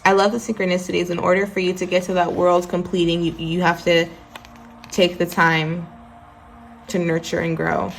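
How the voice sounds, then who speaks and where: A woman with a lowish voice and a gravelly edge gives a casual tarot reading. She talks chattily to her viewers and slips between reading from the guidebook and offering her own asides. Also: level tone, normal speed, slight background noise. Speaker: tarot card reader.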